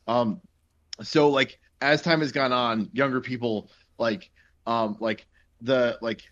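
A young man from New Jersey chats on a casual podcast, rambling loosely and stacking up fillers. His voice sits at an ordinary male pitch. The recording sounds dull and lo-fi. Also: steady tone, takes it slowly, a bit bright. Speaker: podcast co-host. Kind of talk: casual chat.

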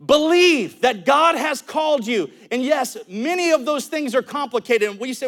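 High, lively male preacher. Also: moderate pace, hardly any pauses. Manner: animated preacher who calls the congregation to repeat lines after him; tells stories with humor and chuckles. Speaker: pastor. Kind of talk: sermon.

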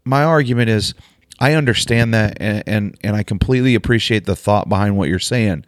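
A man with a low voice hosts a podcast, speaking his mind candidly and swearing casually as he goes. The recording is dry and close. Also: brisk, no room sound. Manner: opinionated, candid, swears casually, restarts often. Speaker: podcast host.

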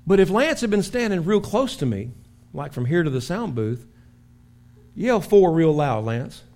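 A man preaching a sermon as pastor in a church, telling stories with lively acted-out shouts. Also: fairly high pitch, normal speed. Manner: animated storytelling with acted-out shouts. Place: church sanctuary.

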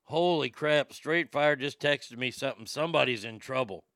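A man's voice: mid-range voice, moderate pace, a bit bright, no room sound. A man hosting a talk show, giving casual news commentary that rambles and stammers, with crude joking asides.

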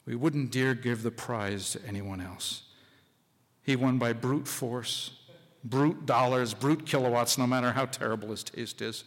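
A man's voice: mid-range voice, a little slow, a bit bright. A man reading aloud voices a blunt, impatient company president. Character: blunt middle-aged male company president. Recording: live hall, long reverb.

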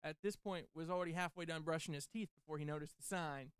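A man's voice: a little high, fast talker, few pauses, clear, resonant tone, no room sound. A man co-hosting a podcast, rambling through crude casual banter full of swearing and laughter. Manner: profane, rambling, laughs often. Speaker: podcast co-host.

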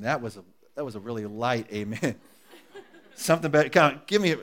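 A man preaching a sermon to his congregation, dropping to a hush and then rising to loud, emphatic appeals. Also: medium pitch, lively intonation, fairly quick. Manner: swings from hushed and intimate to loud and emphatic, coaxing the congregation. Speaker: pastor. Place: church service before a congregation. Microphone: live sermon recording.

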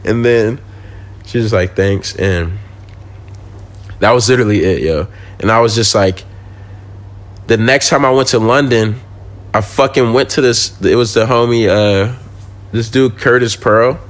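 A man's voice: lowish voice, unhurried, long pauses. A young man, a podcast guest, telling a story in casual, slangy speech full of swearing and laughing.

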